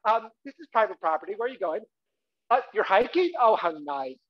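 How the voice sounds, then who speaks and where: A man's voice: sits high, big pitch swings, fairly quick, slight background noise. A man voicing a fussy, overly polite middle-aged mother who firmly shoos trespassers away, in a dull lo-fi live recording. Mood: politely firm. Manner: sing-song, overly polite, firm.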